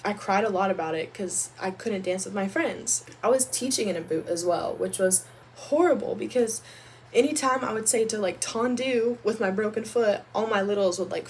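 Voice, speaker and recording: A young woman vlogger telling a storytime about her own life in a chatty, animated way, full of "like". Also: medium pitch, a little hiss or hum. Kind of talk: storytime vlog.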